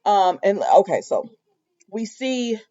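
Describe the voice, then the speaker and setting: A young woman hosting a casual soap opera recap, animated and opinionated as she talks straight to her viewers. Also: medium pitch, slow pace. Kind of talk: casual chatty episode recap. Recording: dull lo-fi home video audio.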